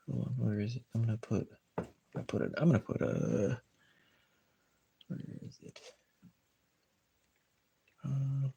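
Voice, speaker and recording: A man's voice: mid-range voice, creaky, a little mellow, slightly rough. A man chatting casually on a livestream while tying fishing jigs, telling rambling stories full of fillers.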